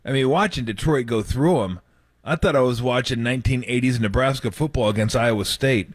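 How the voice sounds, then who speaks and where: A man hosting sports talk radio, easygoing and conversational with the odd chuckle. His voice is mid-pitched. He is recorded close and dry in a studio. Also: a little fast, no echo.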